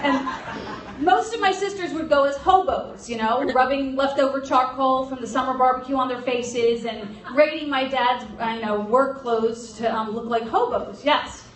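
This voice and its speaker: High-voiced woman telling a comic story. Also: normal speed. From grew up in an Irish Catholic family. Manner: comic, chatty, laughs between lines. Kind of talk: live storytelling to an audience. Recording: roomy hall sound from a distance.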